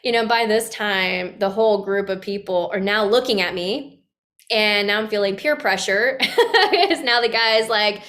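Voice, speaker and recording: A woman guest on a podcast telling a personal story in a casual, animated way, with many fillers and restarts and acted-out quotes. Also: mid-range voice.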